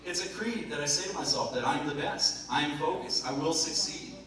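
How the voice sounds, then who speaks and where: A man delivers a lively motivational talk before a live audience in an event hall, cracking jokes and asking the room questions. He talks briskly in a voice on the high side, captured from a distance in a noisy, very echoey hall.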